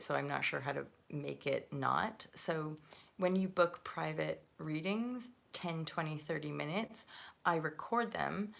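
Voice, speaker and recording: A woman's voice: lowish voice, creaky. A woman hosting a live tarot reading, chatty and effusive, with many fillers. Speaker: tarot reader and channel host.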